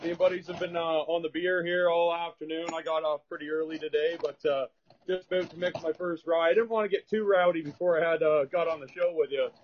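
A man's voice: a little high, fairly even intonation, fast, a little hiss or hum. Laid-back Canadian man, muffled call. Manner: swears a lot, laid-back and rambling. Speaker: guest. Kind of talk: casual chat.

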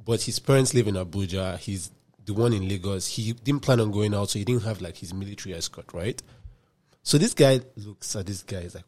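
Low-voiced man telling a casual story. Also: a little fast. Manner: relaxed, slangy storyteller. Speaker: podcast guest.

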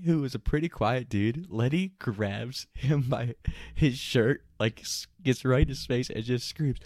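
A young man casually telling a rowdy anecdote, animated and laughing, with plenty of swearing. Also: mid-range voice, moderate pace, no echo, studio quality. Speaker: storyteller.

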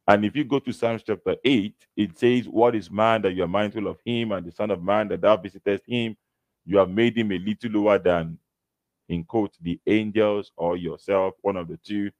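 Low-voiced male preacher, dry close sound. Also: no room sound. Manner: slow, emphatic reading of verses with explanations. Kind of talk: sermon teaching from scripture.

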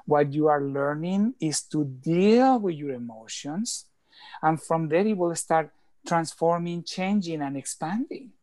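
A man's voice: a little high, animated, darkish tone, dry recording. Earnest man explaining, dry sound. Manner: earnest, explanatory, slightly halting phrasing. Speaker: guest, life coach. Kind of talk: conversational interview talk.

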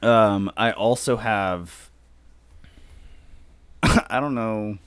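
A man's voice: fairly low pitch, very slow, fairly bright tone, smooth, dry recording. A man co-hosting a podcast, making dry jokes in casual chat. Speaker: podcast co-host.

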